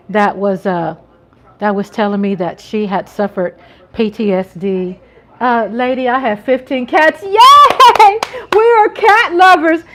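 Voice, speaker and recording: A middle-aged American woman hosts a casual live-chat stream in a fairly high voice. She talks freely, breaks into laughs and greets viewers by name as she goes. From United States. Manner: chatty, laughing, reading out chat names.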